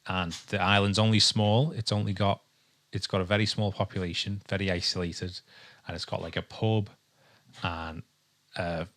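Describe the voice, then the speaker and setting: This English podcast co-host, recording casually at home near his dog, meanders through his thoughts with many ums and false starts. He speaks at a moderate pace in a low, slightly bright voice with level intonation.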